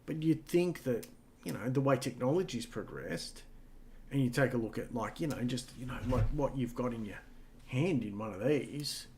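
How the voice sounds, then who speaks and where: A man's voice: medium pitch, moderate pace, a little mellow, a little hiss or hum. Rambling, swearing man in casual chat. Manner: rambling, swears freely, many fillers. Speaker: podcast co-host.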